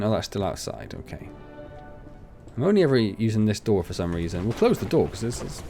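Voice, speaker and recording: Gravelly-voiced man playing a game. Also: lowish voice, sing-song, brisk, warm tone, faint music behind. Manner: chatty, rambling, self-mocking. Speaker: gaming channel host. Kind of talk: casual let's play commentary.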